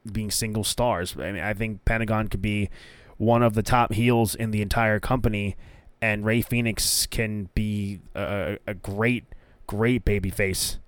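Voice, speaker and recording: A young man hosting a wrestling podcast alone, chatting casually and getting excited, often repeating words. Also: on the low side, unhurried, dry recording. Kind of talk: casual solo commentary.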